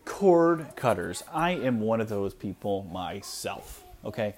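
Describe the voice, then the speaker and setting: A man's voice: lowish voice, expressive, measured pace. A man in his thirties hosting a solo podcast, ranting bluntly and with exasperation, with lots of "like" fillers, recorded at home with his small kids nearby. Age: 30s. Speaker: podcast host.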